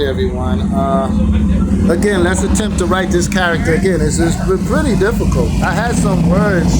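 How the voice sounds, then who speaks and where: A man's voice: a little high, very noisy. A man vlogging outdoors, telling a meandering reflective story as part of a daily teaching, with frequent restarts and bursts of animation when he retells being challenged.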